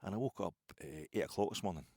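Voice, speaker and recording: Scottish guy rambling on his pod, low husky voice, dry sound, self-mocking. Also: fast, a little mellow, dry recording. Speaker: podcast host. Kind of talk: casual storytelling monologue.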